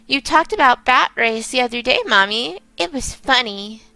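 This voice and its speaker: A woman voicing a sick, clingy little boy with a high, childish voice while reading game dialogue aloud. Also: lively intonation, normal speed, gravelly, pushed and bright, dry recording, full character voice, poor audio. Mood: whiny. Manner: whiny, small-voiced.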